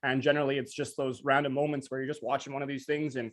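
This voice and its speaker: A man co-hosting a casual live stream, talking very fast with many restarts, over a video call. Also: medium pitch, little pitch movement. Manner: very fast talker, restless restarts. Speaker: co-host.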